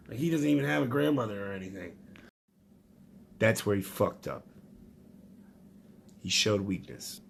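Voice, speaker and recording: A man telling a rambling, profane comic story, swinging from loud outbursts to low mutters. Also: animated, unhurried, creaky, long pauses, slight background noise.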